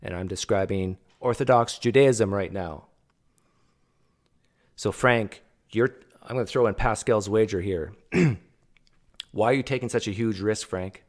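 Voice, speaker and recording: A man with a fairly low voice, speaking a little slowly, hosts a reaction video where he argues casually and directly addresses the speaker in the clip.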